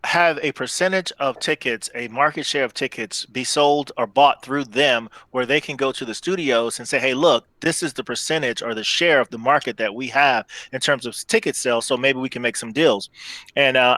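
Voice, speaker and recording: A man with a bright, forceful tone speaking in a dry, close room. He is co-hosting a casual live chat and lays out his points at length in a measured way. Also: medium pitch, no echo, poor audio. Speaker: podcast co-host.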